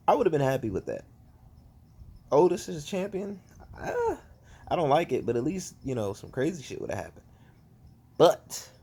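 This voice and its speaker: Animated ranting man, swooping pitch. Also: husky. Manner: animated, profane, exasperated ranting. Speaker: wrestling fan vlogger. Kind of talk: casual ranting review.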